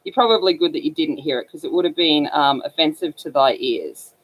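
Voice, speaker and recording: A woman's voice: sits low, a little fast. Scratchy-voiced Australian woman chatting. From northern Australia. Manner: rambling storyteller with many fillers. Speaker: livestream coloring host. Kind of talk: casual chat while coloring.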